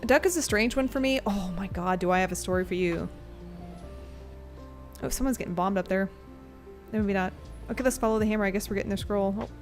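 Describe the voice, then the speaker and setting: Woman streamer, mid-pitched, rambling and giggly, casual swearing, soft music bed underneath. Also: a little fast, long pauses. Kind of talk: casual gameplay commentary and storytelling.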